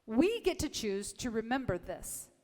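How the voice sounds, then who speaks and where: A woman's voice: a little high, very animated, a little slow, in a large hall. A woman reverend giving an encouraging sermon, leading her congregation in affirmations and often asking "right?". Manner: warm encouraging preaching, leads congregation in affirmations. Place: church sanctuary.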